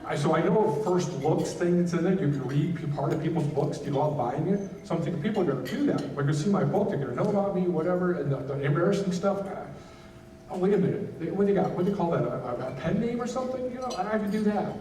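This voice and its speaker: A man giving a personal testimony as a keynote speech at a gala, earnest and halting, with many restarts and fillers. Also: animated, dark tone, far from the mic. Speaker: nonprofit founder giving a keynote. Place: banquet hall at a gala. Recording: roomy hall sound from off mic, faint rumble.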